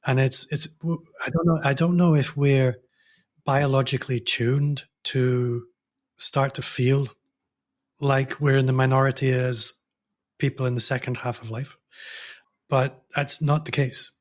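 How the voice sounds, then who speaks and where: A man hosting an interview podcast, thoughtful and pausing to search for the right word. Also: medium pitch, fairly even intonation. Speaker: podcast host. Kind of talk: interview conversation.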